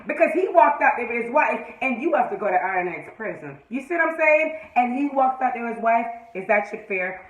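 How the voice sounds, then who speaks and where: Animated, profane woman ranting about TV. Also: on the high side, a little fast, hardly any pauses. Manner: animated, profane, acts out scenes, laughs often. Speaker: TV episode reviewer. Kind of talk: excited fan review rant. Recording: echoey room.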